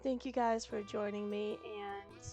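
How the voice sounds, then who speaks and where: Croaky-voiced woman chatting on stream. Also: medium pitch, flat delivery, measured pace, mellow. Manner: chatty, rambling, upbeat. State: slightly croaky voice. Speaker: streamer reading a book aloud. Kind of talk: casual stream chat. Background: fantasy music playing faintly.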